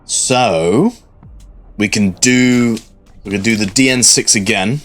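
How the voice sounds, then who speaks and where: A man narrating a tabletop game as its game master in a relaxed, unhurried way. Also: on the low side, faint music behind.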